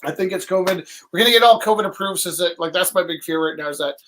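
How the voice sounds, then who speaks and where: A woman hosting a live art auction stream, chatting casually in a rambling way with quick asides. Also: lowish voice, slight background noise, low-quality recording. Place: art venue indoors.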